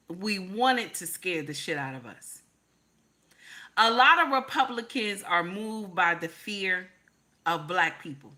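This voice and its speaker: A woman's voice: mid-range voice, pushed and bright. An American woman hosting a live stream, ranting to viewers in a profane, emphatic way and repeating her points. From United States. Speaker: livestream host.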